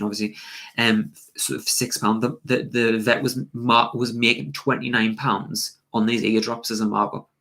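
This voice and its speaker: Animated man ranting on a stream. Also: mid-range voice. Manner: animated and opinionated, rants with many fillers. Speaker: co-host of a live stream. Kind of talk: casual live-stream chat.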